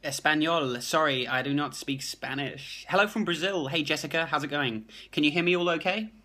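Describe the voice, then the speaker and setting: A man with a New Zealand accent, talking fast and excitedly on a phone live stream, reading out comments and restarting his sentences. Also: on the high side. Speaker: productivity blogger hosting a live stream.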